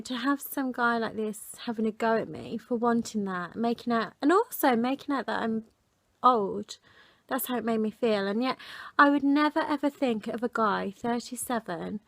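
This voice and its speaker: A woman in her thirties telling a story to camera in an indignant, animated way. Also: on the high side, no room sound. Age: 30s. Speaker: vlogger. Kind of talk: casual talk to camera.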